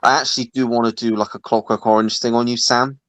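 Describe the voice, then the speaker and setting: A man's voice: medium pitch, flat delivery, fast talker, fairly bright tone, no echo, rough recording. Joking man hosting a livestream. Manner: joking, teasing, reads viewer comments. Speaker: livestream host reading chat. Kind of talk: casual livestream chat.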